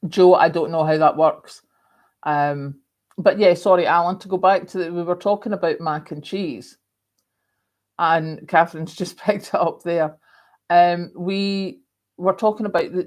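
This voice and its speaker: Woman, live stream host, casual chat, rambling, lots of ums, slightly low voice. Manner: chatty and rambling, many ums and restarts. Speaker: livestream host. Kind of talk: casual live chat, reading viewer comments.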